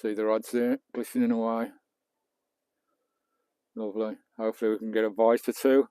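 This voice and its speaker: A man's voice: on the low side, flat delivery, normal speed, mellow, clear, resonant tone, no room sound. A man, chatting casually to viewers on a live stream outdoors on a beach, talking as he works and swearing lightly. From England. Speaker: vlogger. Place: outdoors on a beach and in his camper van. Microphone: small clip-on mic, distance varying.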